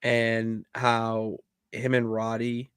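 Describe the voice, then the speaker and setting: A man co-hosting a wrestling podcast, chatting casually and telling stories in an animated way. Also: mid-range voice, drawn-out words, smooth, dry recording, clean studio sound. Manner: animated storytelling, bursts into loud laughs. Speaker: podcast co-host. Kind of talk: casual chat.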